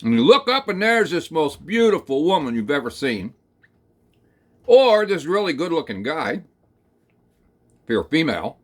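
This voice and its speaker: A man telling a rambling, folksy second-person story, talking slowly through it with plenty of hesitations and fillers. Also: a little high, very animated. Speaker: channel host.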